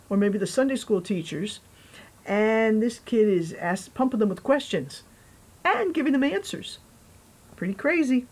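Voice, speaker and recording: A woman pastor giving a conversational sermon, reading scripture and adding chatty, animated asides. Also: medium pitch, low-quality recording.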